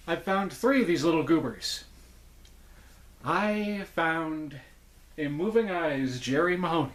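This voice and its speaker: A man's voice: a little high, expressive, takes it slowly, long pauses. A man hosting a casual unboxing vlog as a puppet collector, enthusiastic and rambling, often correcting himself. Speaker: puppet collector, channel host.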